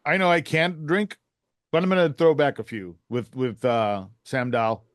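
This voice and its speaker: A man's voice: medium pitch, steady tone, measured pace, no room sound, clean studio sound. A man playing in a tabletop game, chatting casually with slight hesitations. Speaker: player. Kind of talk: casual chat.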